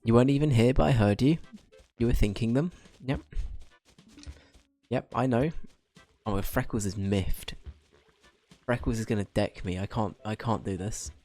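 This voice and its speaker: Brief: young guy, lowish voice, jokey casual game-stream chat. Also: mellow, faint music behind. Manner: joking, self-deprecating, quick asides. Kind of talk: casual gaming commentary.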